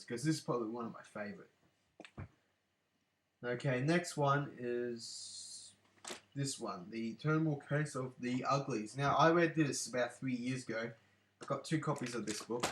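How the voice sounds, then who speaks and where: A man's voice: mid-range voice, fairly bright tone. Rambling man vlogging in an echoey room. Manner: rambling, many fillers and apologies. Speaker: book collection vlogger. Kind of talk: casual vlog.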